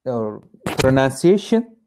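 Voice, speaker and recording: A man with a medium-pitched, very animated voice is learning English in a one-on-one lesson, with a noisy background. He reads example sentences and searches for words hesitantly, halting and using many fillers.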